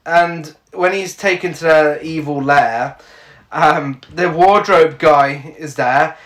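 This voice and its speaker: Animated man recapping a film in an echoey room. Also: on the high side, slow pace. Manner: animated, laughs often, mocking quotes. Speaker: podcast co-host. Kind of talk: casual film recap chat.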